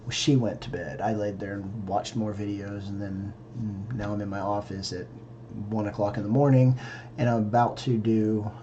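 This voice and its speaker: A man's voice: fairly low pitch, flat delivery, normal speed, dark tone, highs cut off, slight background noise. A tired man recapping his day in a casual vlog, rambling and correcting himself, talking in his home office late at night. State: tired, yawning. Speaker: vlogger.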